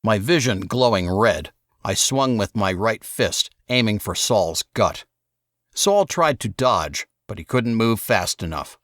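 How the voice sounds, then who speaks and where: A man narrating an audiobook in the first person, with expressive storytelling. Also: lowish voice, unhurried, no room sound, clean studio sound.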